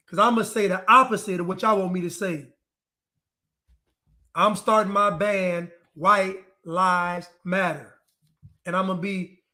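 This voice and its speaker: A man's voice: sits high, sharp tone. A man delivering a defiant ranting monologue to camera, repeating his phrases over and over.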